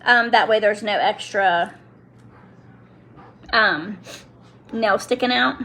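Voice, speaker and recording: A woman's voice: medium pitch, slow pace, a bit bright. A middle-aged woman chatting casually while demonstrating a product to viewers, often breaking off mid-sentence. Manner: chatty, self-interrupting, talks to viewers and kids. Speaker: nail product seller demonstrating on a live stream.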